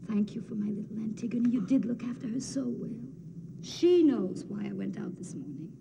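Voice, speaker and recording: An actress playing a young princess in a film drama, speaking softly and intensely, often close to a whisper. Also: female voice, a little high, animated, normal speed, gravelly, background noise. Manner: soft, hushed, intense, often near a whisper. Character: defiant young princess, quietly resolved.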